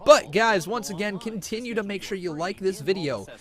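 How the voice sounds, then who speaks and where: Excitable man yelling wrestling commentary. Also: sits high, normal speed. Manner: yells and cheers during big moves, chats calmly between them. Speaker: live-stream wrestling reactor. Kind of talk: excited live play-by-play commentary and chat. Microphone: cheap microphone.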